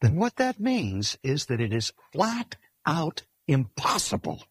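A man's voice: on the high side, huge pitch swings, breathy edge, no room sound. Older man preaching, dry close sound. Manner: measured, emphatic delivery with slow stressed phrases. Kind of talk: sermon. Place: speaking at a cancer hospital.

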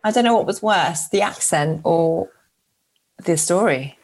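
A woman co-hosting a podcast, chatting casually, swearing and expressive. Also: lowish voice, a little slow. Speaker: podcast co-host. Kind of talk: casual banter.

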